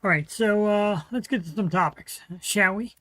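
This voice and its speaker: A male host talks through his own livestream in a loose, rambling way, stacking fillers and restarts as he goes. His voice sits close and dry on a desk mic with no room sound. He sounds relaxed and unscripted. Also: high voice, normal speed, dry recording, rough recording. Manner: rambling, chatty, full of fillers. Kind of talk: casual solo livestream chat.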